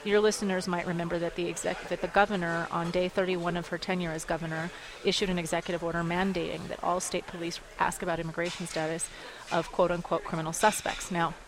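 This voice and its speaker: A woman running an advocacy group, speaking in a radio interview with lively storytelling and frequent laughs. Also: on the low side, quick pace, few pauses, background noise. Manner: animated storytelling, quotes others, laughs often. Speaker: executive director of an advocacy group.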